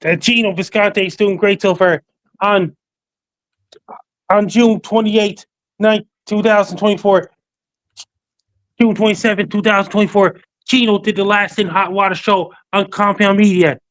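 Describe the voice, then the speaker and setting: A man appearing as a podcast guest, talking in a flat recital that lists facts, dates and handles one by one. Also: high-pitched, normal speed, pauses often. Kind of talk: casual call-in chat.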